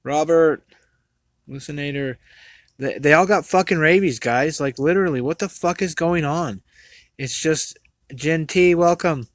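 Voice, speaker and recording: A fired-up man rants on his home livestream, cursing and tripping over his own restarts as he talks. His voice sits a little high for a man. The recording is dry and close, with no room echo. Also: unhurried. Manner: profane, heated, repetitive stammering restarts. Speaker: livestream host. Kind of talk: angry livestream rant.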